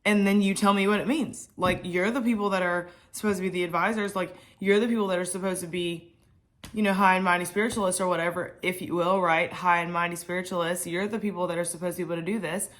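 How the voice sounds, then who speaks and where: A woman's voice: lowish voice, steady tone, fast talker, lightly acted. A woman voicing a demanding ancient king who barks insistent commands in a casual retelling. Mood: commanding.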